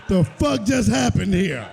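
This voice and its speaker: A man's voice: sits high, creaky, a little mellow, slight background noise. A man doing a stand-up set on a comedy club stage, talking into a handheld mic with a brash, boisterous delivery.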